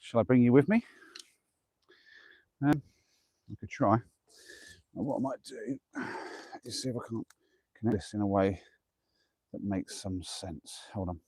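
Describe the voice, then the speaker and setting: A camping vlogger from England streams live outdoors at night, narrating every task with chatty self-deprecation and puffing from the strain. He speaks unhurriedly in a steady, fairly low, dark-toned voice, pausing often, with no echo.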